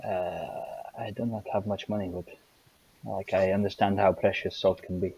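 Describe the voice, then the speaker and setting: A man speaking in character during a tabletop game, hesitant and halting with many uhs. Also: low voice, level tone, a little mellow, breathy edge. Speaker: player. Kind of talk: in-character tabletop role-play. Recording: dull, dry recording.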